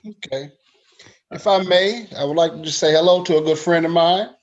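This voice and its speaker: A man's voice: on the high side, normal speed, crowd noise. A man courteously greeting a colleague and asking him a question about teaching band. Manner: polite and courteous. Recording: dull lo-fi sound.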